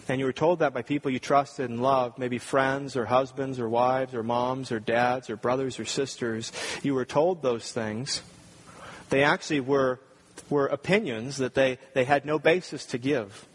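A man's voice: medium pitch, fairly even intonation, moderate pace, slight background noise. A man preaching a sermon, earnest and building to emphatic points. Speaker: pastor.

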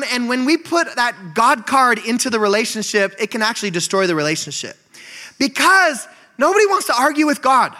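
Male pastor in his forties, high bright voice, animated storytelling sermon with asides. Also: a little fast, in a large hall. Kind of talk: conversational sermon.

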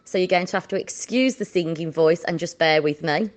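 Woman teaching a children's Spanish lesson. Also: on the low side. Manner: slow, drawn-out modelling of words for repetition.

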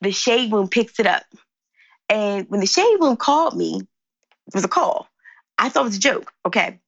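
Woman guest from Philly, lively storyteller, fry in the voice, dull recording. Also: normal speed, no room sound. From Philadelphia. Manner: expressive, acts out quotes with big pitch jumps. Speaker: guest, company founder. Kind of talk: animated storytelling in conversation.

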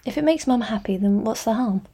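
A woman's voice: fairly high pitch, brisk, dark tone, husky. A woman voicing a flippant, defensive younger sister with a breezy, teasing way of talking. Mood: heated.

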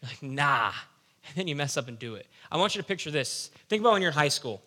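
A young man delivers an animated, conversational sermon. His voice sits a touch high and sounds bright and forceful. He drops in playful asides as he teaches. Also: racing. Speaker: youth pastor.

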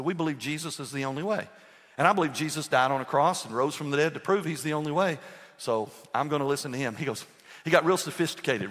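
A man's voice: a little high, fairly bright tone, long reverb tail. A man preaching a sermon as pastor, building to impassioned emphasis and slipping into conversational storytelling.

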